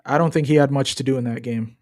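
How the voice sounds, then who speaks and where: A man's voice: mid-range voice, steady tone, quick pace, darkish tone. A young man chatting loosely and joking as he streams his reactions to a football match. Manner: loose, joking, trash-talking. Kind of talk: casual live-stream commentary.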